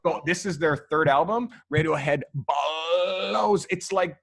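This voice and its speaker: Male guest, slightly high-pitched, animated casual storyteller who swears freely. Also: slow pace, creaky. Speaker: photographer guest. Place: podcast studio.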